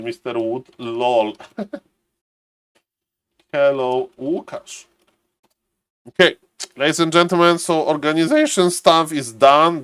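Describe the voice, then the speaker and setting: A streamer and caster chats casually on a live stream while waiting for a match, greeting viewers by name and thinking out loud. His voice sits a little high with a fairly bright tone, and the recording has no room sound.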